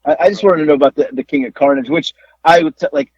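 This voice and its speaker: Hesitant, husky-voiced podcast host man. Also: on the high side, quick pace, a little mellow, no room sound. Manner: hesitant, filler-heavy. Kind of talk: casual chat. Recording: dull, dry lo-fi audio.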